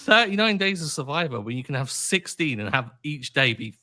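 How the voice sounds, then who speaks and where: A man's voice: on the high side, very animated, a little fast, bright, forceful tone, no echo. A man co-hosting a podcast in a casual chat, wry and self-deprecating. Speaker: podcast co-host.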